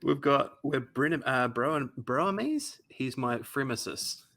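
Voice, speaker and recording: A man's voice: mid-range voice, lively intonation, takes it slowly, a bit bright. A man hosting a casual podcast chat, laughing often and passing the floor to his co-hosts. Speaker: podcast host.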